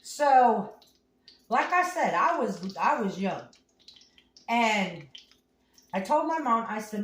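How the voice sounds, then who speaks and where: A very animated woman with a high-leaning voice takes her time and pauses often as she casually tells folksy, wandering stories while cooking in her home kitchen. The audio has light background noise and echo from a mic placed at a distance.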